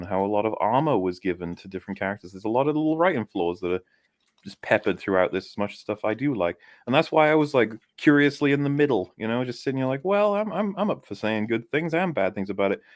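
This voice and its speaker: A man's voice: on the low side, lively intonation, brisk, no room sound. A man in casual chat as a podcast panelist, teasing the others and rambling as he thinks aloud.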